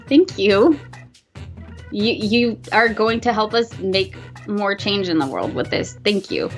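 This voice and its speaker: A woman hosting a casual livestream chat, reading supporters' messages aloud and thanking them warmly. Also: medium pitch. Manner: gushing, reads donor messages aloud. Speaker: host.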